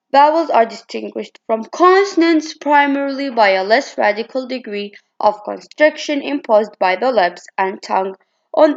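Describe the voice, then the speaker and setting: The clip has a lo-fi, dull quality as a woman presenting for class reads through a phonetics lesson. Her fairly high voice carries a gravelly fry, and she sometimes stumbles and begins again as she moves between slides.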